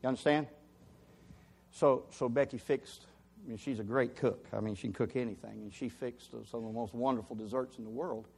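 A man as a pastor, preaching a sermon as an animated story with rising emphasis. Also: mid-range voice, a little fast, vocal fry, breathy edge.

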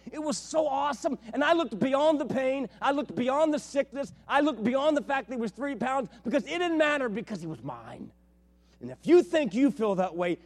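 A male pastor preaching with a high, lively voice, acting out stories with bursts of energy. He often drops to a quiet, intimate hush for the serious moments of his sermon. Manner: storytelling, animated, drops to a hushed tone.

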